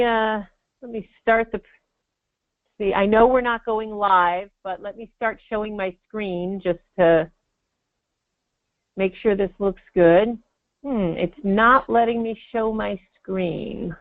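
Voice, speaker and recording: A woman's voice: medium pitch, steady tone, takes it slowly, dry recording. A middle-aged woman talking casually from her office, chatty and self-deprecating, as the guest presenter. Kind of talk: casual webinar chat. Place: home office. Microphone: video call. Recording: tinny phone-like web call audio, dry.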